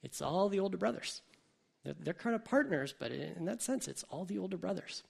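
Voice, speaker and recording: Male pastor, chatty sermon style, raspy voice with gravel, pitch a touch high. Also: expressive, a little fast. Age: adult parent. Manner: conversational, thinking aloud with frequent "like" and "right?".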